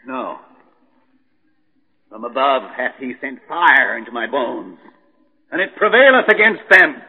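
A man's voice: mid-range voice, expressive, unhurried, husky. An actor playing a desperate, unhinged male chemist in a vintage radio drama, ranting and quoting scripture with stammers. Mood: ranting, despairing. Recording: tinny band-limited old recording, echoey.

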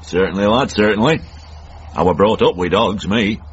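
A man's voice: fairly low pitch, moderate pace, slight background noise, close to an everyday voice. Uncle Mort, a man playing a grumpy old northerner. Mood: reminiscing. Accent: Northern English. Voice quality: husky, grumbling. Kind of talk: radio drama acting. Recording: muffled radio broadcast.

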